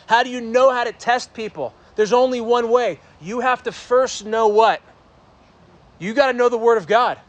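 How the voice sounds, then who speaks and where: A young adult man preaching a sermon to a congregation in a church, projecting his voice loudly to reach the back of the room. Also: very high voice, moderate pace. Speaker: pastor.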